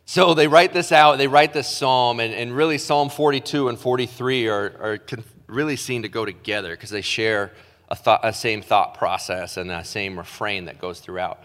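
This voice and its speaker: A man delivering a sermon from a church stage, chatty and self-deprecating, slowing down to read verses with weight. His voice sits at an ordinary middle pitch, and a long hall reverb trails every phrase. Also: a bit bright. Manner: casual, self-deprecating, talks with his hands in filler words. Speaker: pastor.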